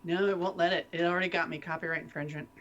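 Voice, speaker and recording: A woman chatting casually as co-host of a live-streamed talk show, animated and quick to laugh. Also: fairly low pitch, highs cut off. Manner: laughs often, animated, loses her train of thought. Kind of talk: casual chat.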